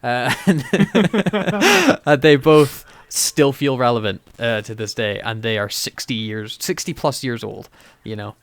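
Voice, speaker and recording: A man's voice: medium pitch, expressive, takes it slowly, fairly bright tone, dry recording. A man co-hosting a casual podcast discussion, enthusiastic and emotional, laughing often. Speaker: podcast co-host.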